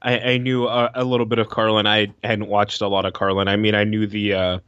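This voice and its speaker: A man co-hosting a podcast in casual chat, halting and restarting with many fillers. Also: lowish voice, flat delivery, a bit bright, clear, resonant tone, dry recording. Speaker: podcast co-host. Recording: dull, lo-fi, dry sound.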